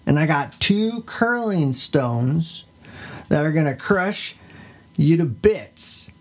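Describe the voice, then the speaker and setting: A man's voice: a little high, sing-song, takes it slowly, pitched above the performer's own voice, heavily acted. A man voicing a big boastful billy goat who talks like a gangsta. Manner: swaggering, cocky.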